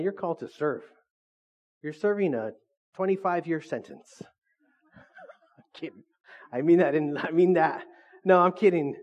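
A middle-aged man preaching a sermon as pastor, joking and calling for answers from the congregation. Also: on the high side. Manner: joking, call-and-response with the congregation. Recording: dull lo-fi recording.

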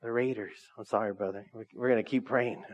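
A man's voice: on the low side, steady tone, brisk. A man preaching a casual, conversational sermon to a small church, joking and speaking straight to the congregation. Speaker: pastor. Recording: dull lo-fi recording.

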